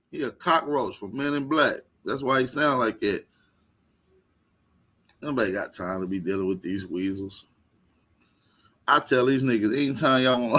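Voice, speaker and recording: A man's voice: medium pitch, fairly bright tone. A man from Texas, hosting a casual panel show and trash-talking in a brash way. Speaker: host.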